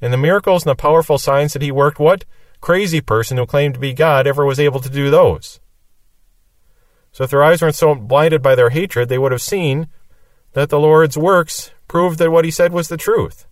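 A man's voice: a little high, moderate pace, dry recording, far from the mic. A man teaching through a Bible passage verse by verse, reading each verse and then explaining it. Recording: dry sound from off the mic.

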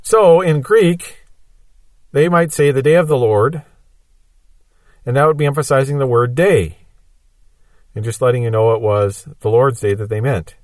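Male Bible teacher, steady mid-range voice, patient explainer, dry close sound. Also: mid-range voice, measured pace, long pauses, no echo. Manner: patient explaining with everyday examples.

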